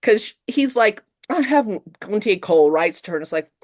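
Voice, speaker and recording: A middle-aged woman professor chatting in an interview, lively and expressive, acting out quotes with big jumps in her voice. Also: moderate pace, hardly any pauses, dry recording, clean studio sound. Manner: animated, acts out quotes with big pitch jumps. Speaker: guest professor. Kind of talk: casual interview chat.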